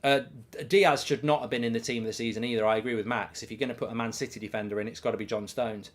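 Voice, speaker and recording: Talking very fast at a medium pitch, a middle-aged man runs a live football watchalong, casually chatting and reading out comments from viewers between loud bursts of excitement.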